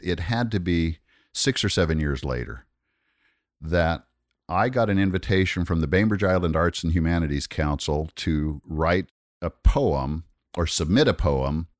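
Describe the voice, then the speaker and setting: A middle-aged man with a very low voice talks through a rambling anecdote in a relaxed, conversational way. He trips over his words and starts over as he builds the story. The sound is close and dry, with no room around it. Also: dry recording. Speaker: guest storyteller. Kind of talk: casual storytelling chat.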